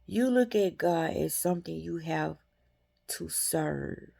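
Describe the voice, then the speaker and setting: A woman's voice: sits low, expressive, takes it slowly, gravelly, mellow. A woman hosting a metaphysics channel, giving a casual, colloquial spiritual talk and calling her viewers y'all.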